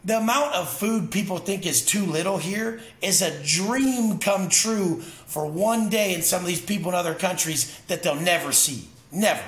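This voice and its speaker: A man's voice: sits high, normal speed, few pauses, a bit bright, echoey room. A man talking as an interview guest, intense and profane, telling emphatic stories in casual conversation. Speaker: podcast guest.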